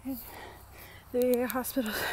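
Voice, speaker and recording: Chatty woman vlogging outdoors, slightly high voice. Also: little pitch movement, takes it slowly, a little mellow, a little hiss or hum. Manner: chatty, rambling, lots of fillers. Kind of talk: casual chatty vlog. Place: outdoors at a park fitness trail.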